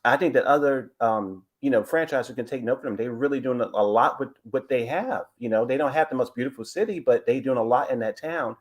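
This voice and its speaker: A man's voice: medium pitch, a little fast, few pauses. A man calling in to a live show, giving rambling, gossipy commentary on a reality TV episode. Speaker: caller. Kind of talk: casual call-in commentary.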